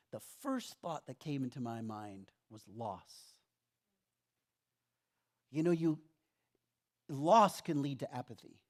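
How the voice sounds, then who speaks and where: A middle-aged man preaching a sermon in a church, telling stories conversationally and acting out his own complaints. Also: medium pitch. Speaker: pastor.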